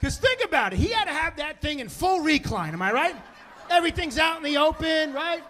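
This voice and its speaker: A man in his fifties doing stand-up storytelling on stage, animated and profane, acting out other people's voices. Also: extremely high pitch, fairly quick, a little hiss or hum. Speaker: stand-up comedian. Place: comedy stage before an audience.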